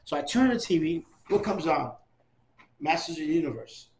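A middle-aged man recounting his life in a casual oral history interview, animated and acting out the dialogue of people he quotes. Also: fairly high pitch, normal speed, a little hiss or hum.

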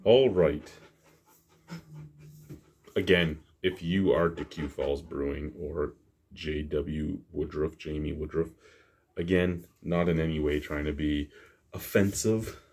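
A man's voice: a bass voice, fairly even intonation, takes it slowly, pauses often, darkish tone, slightly rough. A man casually reviewing a beer to camera at home, joking and rambling in a self-deprecating way. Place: home basement.

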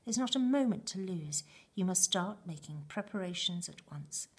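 A woman reading aloud and voicing an overjoyed old grandfather who shouts with excitement, in a husky voice. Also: lowish voice, moderate pace. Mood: excited. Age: older.

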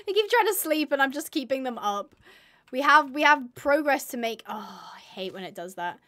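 A woman's voice: sits high, very animated, moderate pace, fairly bright tone. A woman streaming a game live, chatting and mocking herself as she talks to her animals. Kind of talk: live gameplay commentary.

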